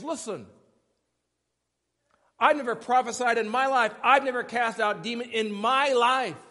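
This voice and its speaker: A man's voice: very high-pitched, measured pace, pauses often, bright, forceful tone. A male pastor preaching a sermon in a conversational, emphatic way, often stopping to ask questions. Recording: echoey church hall.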